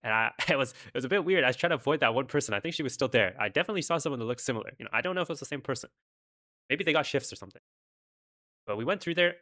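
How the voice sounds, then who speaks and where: A man's voice: mid-range voice, sharp tone. A young man casually telling a rambling personal story, with many fillers.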